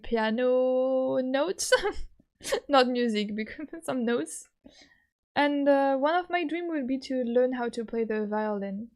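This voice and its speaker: A woman's voice: high voice, darkish tone. A young woman from France with a French accent, chatting casually and giggling often with her live-stream viewers.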